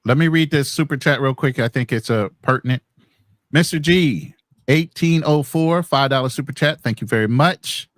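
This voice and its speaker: A man moderates a livestream debate, keeping panelists in line with a firm voice. He reads viewer messages in a wry tone. His pitch is middle, and the recording is dry with little room sound. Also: normal speed, no room sound.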